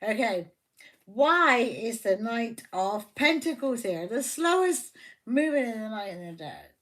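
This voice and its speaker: Slow, bright-voiced, swearing woman. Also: on the high side, big pitch swings. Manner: profane, blunt and joking. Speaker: tarot reader. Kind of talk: casual live tarot reading. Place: home livestream.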